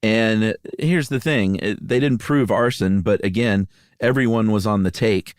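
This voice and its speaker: A man's voice: lowish voice, unhurried, smooth, no room sound, studio quality. A man co-hosting a podcast in casual chat, wry and joking. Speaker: podcast co-host.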